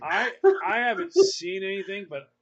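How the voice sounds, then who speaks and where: A man co-hosting a comedic chat, telling animated stories with stammers and acted-out voices. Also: sits high, moderate pace, vocal fry, noisy background. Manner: animated storytelling, stammers and acts out people. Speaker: co-host.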